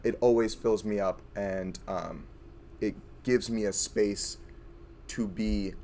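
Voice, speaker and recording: A hoarse young man telling an earnest, rambling personal story to a group. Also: lowish voice, steady tone, slow, dark tone, a little hiss or hum. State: hoarse, voice worn from screaming. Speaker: audience member sharing a story.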